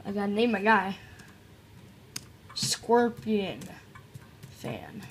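A woman's voice: medium pitch, very animated, drawn-out words, a little hiss or hum. A woman doing casual let's-play commentary, joking around and reading on-screen tutorial text aloud. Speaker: gameplay commentator.

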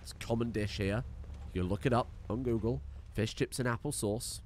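A man gives casual gameplay commentary as a streamer. He rambles and jokes, swearing freely, at a mid pitch. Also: moderate pace, a little mellow, a little hiss or hum.

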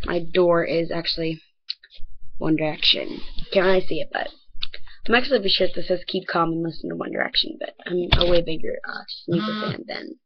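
A teenage girl vlogging casually in a rambling way, full of fillers and often dropping to a soft near-whisper. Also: on the low side, muffled recording, a little hiss or hum. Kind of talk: casual bedroom vlog.

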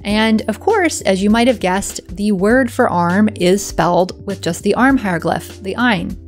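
A woman hosting an educational video, explaining patiently and clearly and often checking in with the viewer. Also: medium pitch, a little slow, soft background music.

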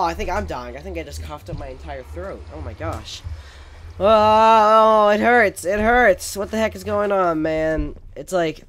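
In a medium-pitched, slightly bright voice, a man hosts casual gameplay commentary for a gaming video, overreacting melodramatically and stammering. Now and then he pulls back from his desk microphone.

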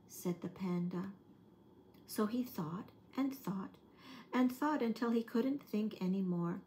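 A woman reads a children's picture book aloud for an early-years program. Her reading is gentle and expressive, and her pitch sits at an ordinary middle. A faint hiss runs under the recording. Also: unhurried.

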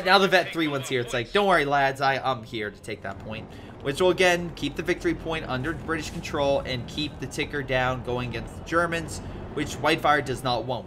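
Guy casting a game replay, chatty and animated, bright voice a bit high, faint hiss behind. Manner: chatty, animated, lively asides to viewers. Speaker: video game replay caster. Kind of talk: play-by-play game commentary.

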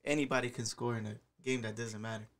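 A man chats casually on a podcast. His voice sits in a middle pitch, and his talk runs loose and slangy, full of swearing and filler words. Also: steady tone, quick pace, a bit bright. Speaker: podcast guest, soccer player.

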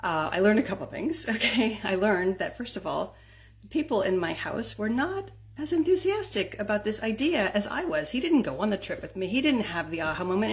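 Brisk and very animated, with a mid-range voice, a middle-aged decluttering vlogger chats casually with her viewers. She laughs often between lines and checks in constantly with "right?" and "okay?"

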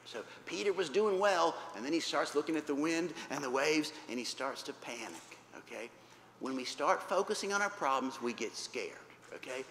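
A man's voice: medium pitch, fairly bright tone. A man teaching a Bible lesson to children, telling the story with animation, repeating points simply and checking in with "right?" and "okay?". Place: church hall. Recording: roomy reverberant hall, faint background noise.

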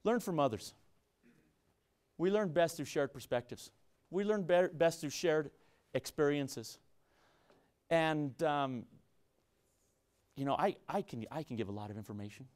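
A man's voice: fairly high pitch, expressive, a little slow, pauses often, darkish tone. A middle-aged man with a San Luis Valley Colorado accent, giving an earnest public lecture to students, often repeating himself and restarting phrases. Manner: earnest, repetitive, frequent restarts. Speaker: university business professor.

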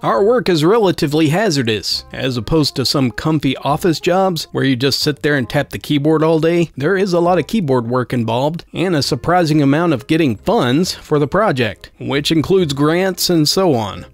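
A man narrating an online story aloud in a wry, sarcastic tone. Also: on the high side.

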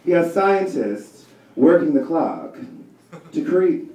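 A man's voice: fairly high pitch, animated, takes it slowly. A man in his thirties doing a stand-up comedy set, ranting in an exasperated, profane way. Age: 30s. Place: comedy club stage before a live audience. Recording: echoey room, distant mic, loud audience laughter.

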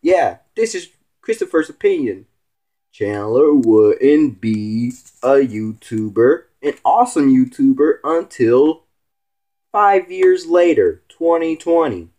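A man's voice: animated, slow, warm tone. A man hosting a casual vlog as a stand-in, rambling and teasing as he rants to his viewers. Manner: rambling and teasing, with swooping pitch. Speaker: stand-in show host.

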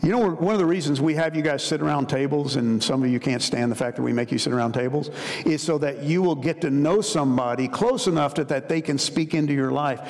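A man's voice: fairly high pitch, brisk, a little mellow. A middle-aged man preaching a sermon as pastor, telling stories in a conversational, emphatic way. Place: large church hall. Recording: long church hall reverb.

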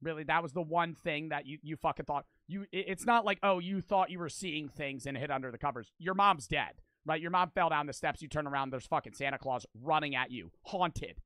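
A young man streaming his reactions to a video, joking loudly and swearing, breaking into laughs and shouts. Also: on the high side, brisk, hardly any pauses, no room sound. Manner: loud, profane, joking, bursts into shouts and laughs. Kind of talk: casual reaction commentary.

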